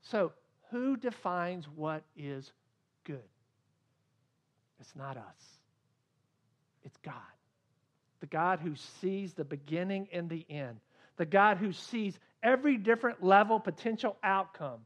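A man preaching a sermon as a pastor, swinging between loud emphasis and quiet asides. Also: high voice, lively intonation, unhurried.

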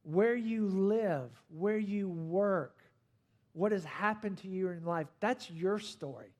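A man delivers a sermon in a fairly high voice, pressing hard on key words and then dropping low and soft. His preaching rises and falls in intensity as he drives each point home. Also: slow pace. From not from Australia. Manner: emphatic preaching with rising and falling intensity. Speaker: pastor.

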